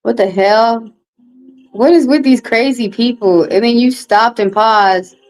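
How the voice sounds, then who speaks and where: A woman's voice: fairly high pitch, unhurried, darkish tone, poor audio. A woman doing a casual livestream tarot card reading, talking bluntly and profanely with rambling asides.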